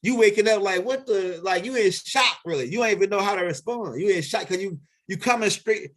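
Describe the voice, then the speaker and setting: A man's voice: high voice, a little fast, a bit bright. A man telling a story in a casual monologue, rambling, profane and full of repeats and restarts. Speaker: vlog host telling stories.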